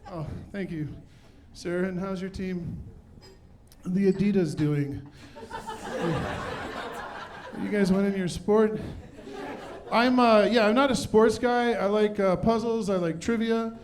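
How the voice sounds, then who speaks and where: A man's voice: high-pitched, takes it slowly, long pauses, a little mellow. Self-mocking middle-aged male stand-up. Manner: self-deprecating, punchy delivery. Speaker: stand-up comedian. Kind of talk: stand-up comedy set. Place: comedy club stage.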